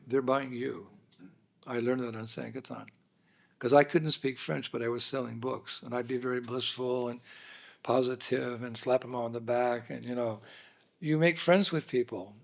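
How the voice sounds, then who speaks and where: Male guest speaker, gravelly voice, animated storyteller who acts out the dialogue. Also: medium pitch. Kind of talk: anecdotal storytelling talk. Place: dinner hall, indoors.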